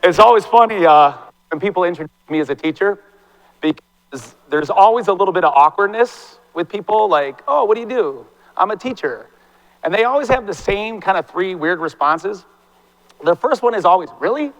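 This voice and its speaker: A man in his forties, a teacher giving an animated, fast, impassioned talk on stage in a large hall. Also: sits high. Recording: long reverb from a large hall.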